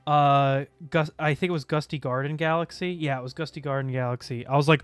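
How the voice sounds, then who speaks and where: A man streaming in a casual, chatty way, getting excited, gasping and humming little tunes. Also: fairly high pitch, fairly quick, few pauses, clear, resonant tone, no room sound, soft background music. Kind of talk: casual chat.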